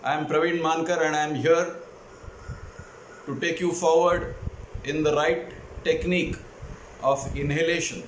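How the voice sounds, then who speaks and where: A man teaching a breathing technique, explaining each step calmly before demonstrating it. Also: on the high side, measured pace, long pauses. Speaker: breathing instructor. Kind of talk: instructional demonstration. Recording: echoey room, faint noise.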